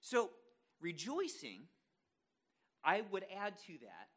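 Male pastor, conversational sermon, self-deprecating asides, animated pitch, bright tone. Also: slow pace.

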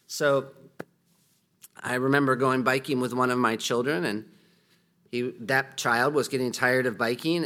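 A man's voice: mid-range voice, a bit bright. Conversational middle-aged male pastor teaching. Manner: conversational, with frequent restarts and acted-out quotes. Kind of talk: sermon-style teaching.

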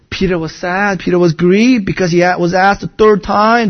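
A man's voice: sits high, moderate pace, few pauses, muffled recording. A man preaching an expository sermon as a pastor, earnest and conversational, dropping frequent asides as he explains the text. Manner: earnest, conversational, many "you know" asides.

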